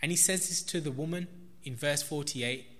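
A man preaching a sermon in a slow, emphatic way, stressing repeated words. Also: a little high, fairly bright tone. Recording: long reverb of a large hall.

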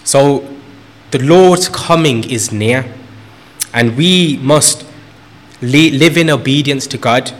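A man's voice: medium pitch, slow, long pauses. A man preaching a sermon in an earnest way, repeating phrases for emphasis and lifting his voice on key points.

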